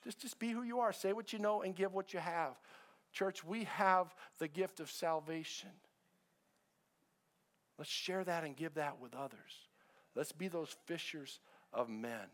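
A man's voice: fairly high pitch, a little slow, fairly bright tone. A middle-aged male pastor preaching a sermon in a conversational way, repeating short phrases and asking the congregation questions. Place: church sanctuary with a congregation.

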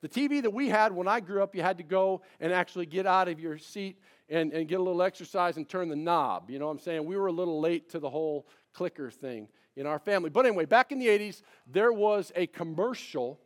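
A man's voice: high-pitched, a little fast, hardly any pauses. A man, a pastor giving a folksy, conversational sermon with repeated refrains. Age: 50s.

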